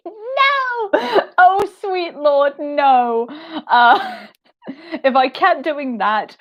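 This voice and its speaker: A young woman with a fairly high voice, talking slowly and laughing often. She answers audience questions in a relaxed, self-deprecating livestream chat. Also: dull audio. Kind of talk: casual livestream Q&A.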